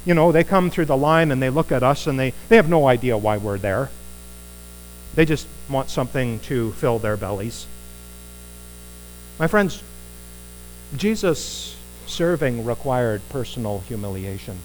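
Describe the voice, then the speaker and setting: A man preaching a conversational sermon, animated and putting rhetorical questions to his listeners. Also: mid-range voice, unhurried, long pauses, slight background noise, poor audio.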